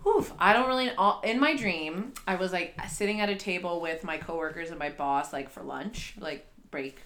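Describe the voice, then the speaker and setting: A young woman co-hosting a podcast in casual chat, animated and excitable, getting loud and laughing when a story builds. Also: on the low side, moderate pace. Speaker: podcast co-host.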